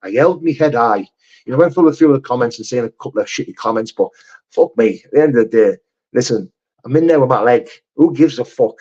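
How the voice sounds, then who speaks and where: A middle-aged man rambles through a live chat stream, swearing freely and calling viewers mate. His voice sits at an ordinary middle pitch. The audio is a bit muffled and lo-fi. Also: animated, fast talker, darkish tone. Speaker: livestream host reading chat. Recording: slightly dull lo-fi stream audio.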